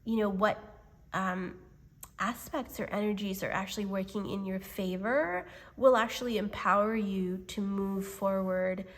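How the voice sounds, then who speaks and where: A woman giving an unscripted tarot reading in a gentle, hesitant way, with many pauses and fillers. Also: medium pitch, steady tone. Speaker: tarot reader.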